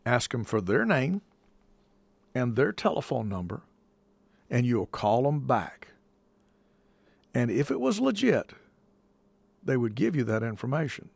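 An American man hosts a call-in show, speaking in an emphatic, folksy way and repeating himself for emphasis, with preacher-like touches. His medium-pitched voice is gravelly with a breathy edge, and there's no room sound.

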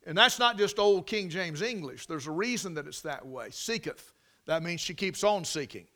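A man's voice: a little high, expressive, normal speed, bright, forceful tone. A man preaching a sermon, often repeating words, stretching phrases for emphasis and asking the congregation rhetorical questions. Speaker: pastor.

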